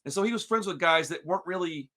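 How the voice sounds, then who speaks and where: Slangy storyteller from Texas, bright voice. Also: male voice, sits high, quick pace. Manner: slangy, peppers talk with "dude" and "bro"; animated, emotional storyteller. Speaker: podcast co-host. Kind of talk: casual storytelling chat.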